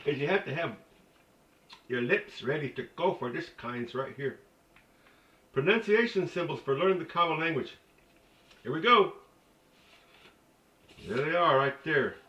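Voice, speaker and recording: A man giving a casual spoken language lesson, halting with many fillers and restarts and dropping joking asides. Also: a little high, lively intonation, bright, forceful tone. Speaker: language teacher. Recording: echoey dull recording from a distance.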